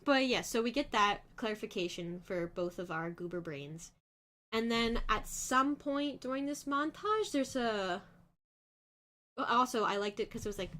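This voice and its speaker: A woman's voice: mid-range voice, fairly bright tone. A woman co-hosting a livestream, chatting casually and analytically about a show, with easy laughs. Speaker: stream co-host. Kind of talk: casual reaction chat.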